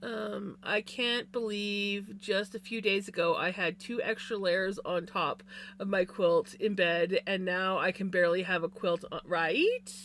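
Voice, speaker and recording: A woman streamer talks casually to her chat while she works on her crochet. Her speech is slow and unhurried, and her voice has a bright, clear edge. A faint hum runs under her desk microphone at home. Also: medium pitch, flat delivery. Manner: chatty, yawning, greeting chat by name. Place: home room with a fan.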